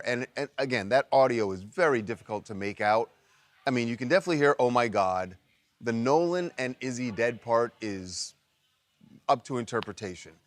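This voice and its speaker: A man reporting, explaining events in a measured, methodical way. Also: medium pitch, dry recording. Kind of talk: explanatory narration.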